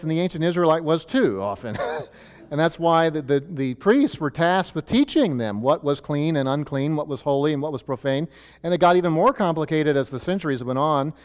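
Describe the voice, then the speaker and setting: A pastor teaches from a chart in a loose, chatty way, restarting his sentences and filling pauses. His pitch swings up and down with animation. His voice carries a long reverb from a church hall. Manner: lively, conversational, many fillers and restarts.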